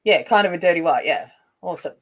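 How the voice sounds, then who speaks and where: Low-voiced, expressive and quick, this Australian host of a coloring channel chats and rambles on her live stream while answering comments from viewers.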